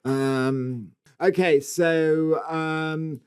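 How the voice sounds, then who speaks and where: A middle-aged man speaks with a slightly higher-pitched voice in loose podcast chat. He hunts for words and fills gaps with ums and uhs. His talk is playful and unhurried. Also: fairly even intonation, darkish tone, clean tone. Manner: scatty, hesitant, full of ums. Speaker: podcast co-host. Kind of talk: casual banter.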